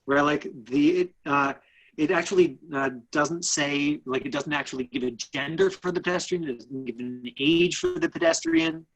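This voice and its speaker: A man coaching actors in a live online acting class over a video call. He talks in a halting way, full of fillers and restarts. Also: fairly high pitch, very animated, creaky, fairly bright tone, poor audio.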